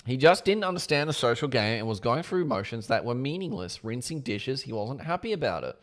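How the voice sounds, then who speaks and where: A man's voice: medium pitch, sing-song, brisk. A man reading a book aloud on a livestream, breaking off for casual asides that include swearing. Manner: casual asides with swearing between read passages.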